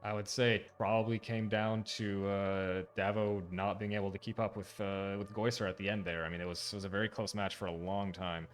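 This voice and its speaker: Low-voiced man casting a tournament. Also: flat delivery, fairly quick, hardly any pauses. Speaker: tournament caster. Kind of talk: esports commentary.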